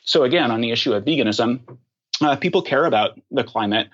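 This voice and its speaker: A man speaking as a podcast guest, thoughtful and unhurried, with many ums and restarts. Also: mid-range voice, animated, a bit bright, muffled recording. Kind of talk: casual interview talk.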